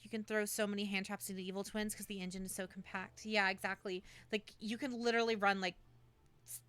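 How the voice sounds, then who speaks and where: A woman's voice: medium pitch, flat delivery, fairly quick, a bit bright, smooth, soft background music. A woman streamer in casual livestream chat, coaching a friend through building a deck, with many fillers and restarts.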